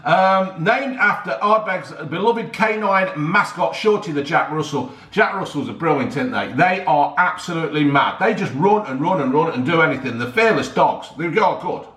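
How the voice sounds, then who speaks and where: A chatty man talks to his viewers in a loose, rambling way, tripping over tricky words and calling everyone "folks". His voice sits a little high for a man. The sound is roomy, with a clear echo around him. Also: animated, normal speed, hardly any pauses, a bit bright. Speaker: YouTuber reviewing a beer. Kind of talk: casual rambling chat to viewers.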